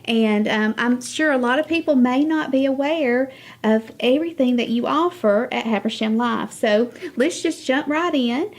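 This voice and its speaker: Woman, talk show host, high voice, encouraging, sympathetic interviewer. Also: normal speed. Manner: warm, encouraging, many short sympathetic responses.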